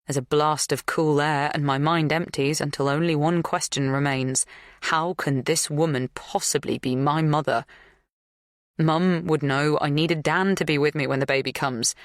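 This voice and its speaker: A woman's voice: deep voice, fairly even intonation, moderate pace, dry recording, clean studio sound. Woman reading a tense audiobook thriller. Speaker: audiobook narrator. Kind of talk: first-person thriller narration.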